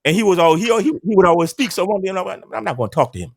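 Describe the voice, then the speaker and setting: A man in his fifties from an island, telling stories in casual chat in a barbershop. He talks in an animated way, swears, and often repeats and restarts his words. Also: sits high, rapid-fire, vocal fry, husky, no echo. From Caribbean island. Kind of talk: casual storytelling.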